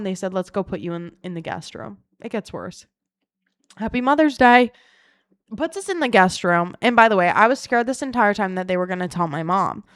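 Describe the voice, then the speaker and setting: A young woman telling a story in a vlog, animated, dramatic and full of swearing. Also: medium pitch.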